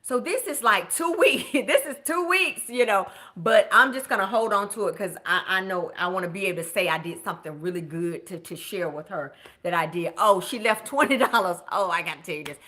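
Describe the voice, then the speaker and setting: A woman, a budget coach chatting casually with viewers in an animated way, shouting out greetings to them. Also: mid-range voice, brisk, few pauses. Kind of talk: casual live-stream chat.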